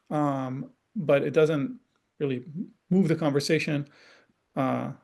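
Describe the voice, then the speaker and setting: A man's voice: fairly high pitch, creaky, darkish tone. A man explaining parenting ideas in a conversational online talk, often checking in with the listener and acting out example dialogue. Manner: acts out example dialogue in changed voices. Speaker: parenting educator and forum guest.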